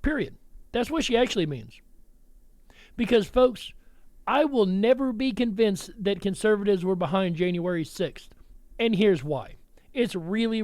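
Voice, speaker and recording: High-voiced man hosting blunt political commentary. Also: darkish tone, no room sound. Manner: blunt, combative, talks straight to listeners as folks. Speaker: host.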